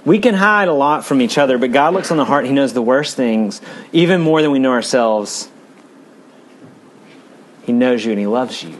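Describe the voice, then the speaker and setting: A male pastor preaching a sermon in a church, earnest, swinging from fast emphatic runs to low, quiet stretches. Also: lively intonation, slight background noise.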